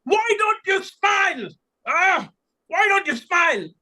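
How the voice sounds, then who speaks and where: A man from India voicing a vain, demanding male castle lord in a shrill, loud, whining voice. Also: expressive, moderate pace. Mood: desperate.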